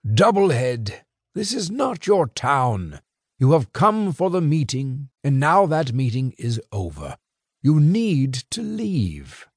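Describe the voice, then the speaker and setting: Commanding werewolf elder, stern and measured, played by a male narrator, dry audiobook sound. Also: mid-range voice, very animated, a little mellow, slightly rough, no room sound, voice pushed up, full character voice.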